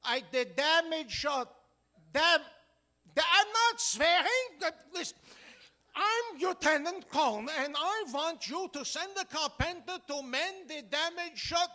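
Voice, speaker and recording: A man's voice: very high voice, animated, slow, sharp tone, pitched above the performer's own voice, exaggerated voice. A man playing a flustered immigrant businessman on the telephone, in a stage Yiddish dialect, exasperated and repeating himself as he mixes up his words in a vaudeville comedy sketch.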